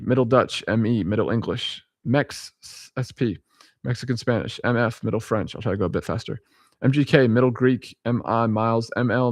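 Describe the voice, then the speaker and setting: A man with a mid-range voice reads through a list aloud in a laid-back vlog, spelling each entry out letter by letter. He chuckles between items, trips over words and fixes them, and wanders into side comments. The sound is dry, with no room echo. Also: medium pitch. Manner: chuckling often, self-correcting, rambling asides. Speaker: vlogger. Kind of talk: casual reading-aloud vlog.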